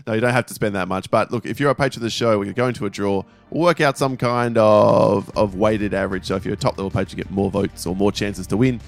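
A man's voice: lowish voice, creaky, faint music behind. A man co-hosting a movie podcast, reading listener feedback in a wry, casual way. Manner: brisk, wry, laughs easily. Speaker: podcast co-host.

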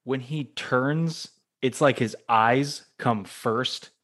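A man in his thirties hosting a podcast, chatting in a relaxed, agreeable way with casual swearing. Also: mid-range voice, extremely slow. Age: 30s. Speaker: podcast host.

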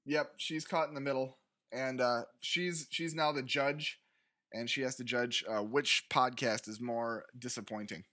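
A man's voice: medium pitch, steady tone, a little slow, sharp tone. An American man in his thirties co-hosting a podcast, chatting casually with a teasing, dry sense of humor. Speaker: podcast co-host. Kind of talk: casual chat.

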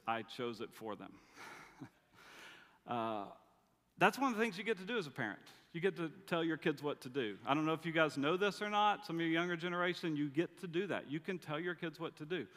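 In a large hall with long reverb, a middle-aged pastor preaches, telling family stories conversationally and with dry humor. His voice is fairly high-pitched and fairly bright in tone.

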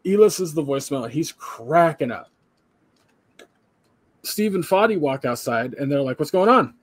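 A man's voice: a little high, normal speed, breathy edge. A tired young man, a podcast co-host, casually retelling a work story and acting out the voices of the people in it. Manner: animated retelling, acts out quoted voices, swears casually.

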